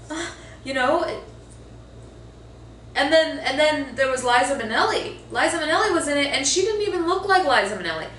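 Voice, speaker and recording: A woman's voice: high voice, a bit bright, a little hiss or hum. Exasperated woman rambling through a movie review. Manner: rambling, exasperated, many fillers and restarts. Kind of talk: casual opinionated film review. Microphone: phone. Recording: echoey room with faint ambience.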